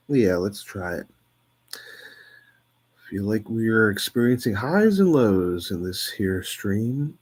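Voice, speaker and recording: A man's voice: lowish voice, animated, slow pace, pauses often, darkish tone. A man on a solo stream, reading poems aloud with wry, self-mocking asides that sometimes drop to near-whispers.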